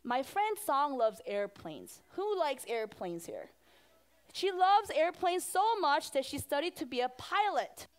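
High-voiced woman pastor talking to kids. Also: measured pace. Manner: animated, asks the children questions. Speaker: children's pastor. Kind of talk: children's sermon.

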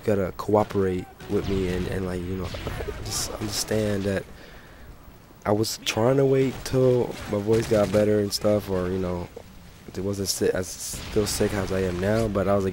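A young man with a sick, hoarse voice, ranting and swearing through casual gameplay commentary. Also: fairly low pitch, fairly even intonation, moderate pace, noisy background. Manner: profane, ranting, frustrated. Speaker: gaming channel host.

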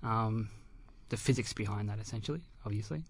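A man's voice: on the low side, brisk. A young man, a guest on a podcast, explaining his work in an easygoing way with lots of ums and laughs. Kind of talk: casual podcast interview.

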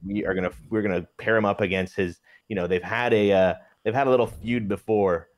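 A man casually talking through his turn in a wrestling management game, rambling and hesitant, with bursts of excitement. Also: lowish voice, brisk. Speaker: player. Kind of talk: casual gaming commentary.

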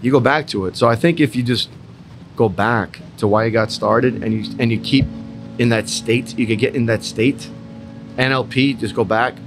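A man's voice: mid-range voice, moderate pace, background noise. A young man at a business roundtable, telling a personal story in an emphatic, repetitive way with some swearing. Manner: emphatic, repetitive, mildly profane. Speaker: entrepreneur in a roundtable.

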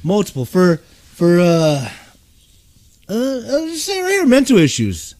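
A man's voice: sits high, huge pitch swings, slow, a little mellow, no room sound, soft background music. A man hosting a podcast who rants in an emphatic, profane way. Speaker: podcast host. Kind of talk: casual podcast rant.

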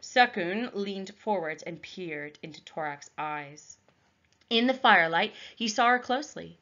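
A woman teacher reading a novel aloud to her class, expressive and clear. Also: medium pitch, measured pace, lo-fi sound. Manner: expressive storytelling.

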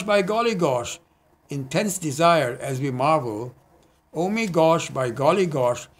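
Man reading his poems earnestly, slightly high voice. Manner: earnest, measured recitation with hesitant asides. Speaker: poet. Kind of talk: poetry reading. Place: community TV studio.

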